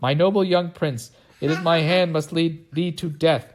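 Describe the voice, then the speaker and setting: A man voicing a soft-hearted, slow-witted guard captain. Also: fairly high pitch, fairly even intonation, a little hiss or hum, close to an everyday voice. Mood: mournful.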